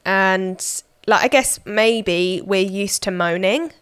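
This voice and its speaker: Chatty woman with smooth voice. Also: medium pitch, takes it slowly, a bit bright, dry recording. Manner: chatty, thinks aloud with many fillers. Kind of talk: casual podcast chat.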